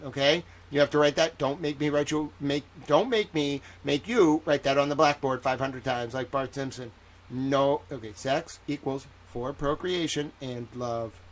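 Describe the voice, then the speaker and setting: A man giving casual livestream commentary on a trial. He is excitable, rambling and jokey, and swears often. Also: mid-range voice.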